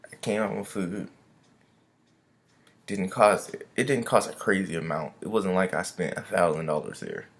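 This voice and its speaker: A man's voice: deep voice, moderate pace. A young man vlogging a casual storytime rant, loose and chatty, full of "I was like" and slang.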